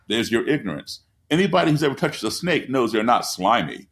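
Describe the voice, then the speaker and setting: Joining an interview by video call from his living room, a man tells stories in an emphatic, repetitive rhythm. His mid-range voice is fairly bright, moves at a moderate pace, and swings widely in pitch.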